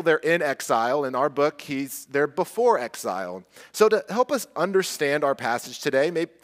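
Earnest male pastor preaching. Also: on the high side. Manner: earnest, conversational preaching with light self-deprecating asides; hushed, soft prayer. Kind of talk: sermon.

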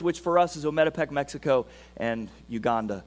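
A man preaching a sermon as pastor, asking rhetorical questions and moving between hushed and emphatic delivery. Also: on the high side, animated, fairly quick, faint music behind. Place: church sanctuary. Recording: reverberant church hall.

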